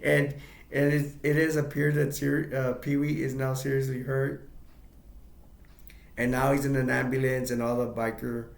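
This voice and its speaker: A man casually retelling a film's plot as an amateur reviewer, rambling and halting, leaning on "like" and chuckling often. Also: medium pitch, level tone, creaky, roomy sound.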